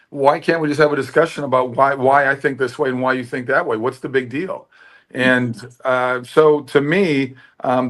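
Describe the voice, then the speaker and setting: A middle-aged American man telling stories in a candid interview and acting out the dialogue in them. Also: mid-range voice. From United States. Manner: animated storytelling, often acting out quoted dialogue. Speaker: actor and producer, interview guest.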